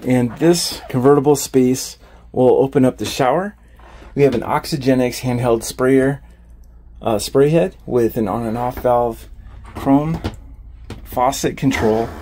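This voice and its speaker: An upbeat man walks through a camper van, naming features one after another in a casual salesman's patter. His voice sits at an ordinary middle pitch, with a faint hiss underneath. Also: darkish tone. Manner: upbeat, listing features as he points them out. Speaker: RV salesman giving a walkthrough tour. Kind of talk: casual walkthrough narration.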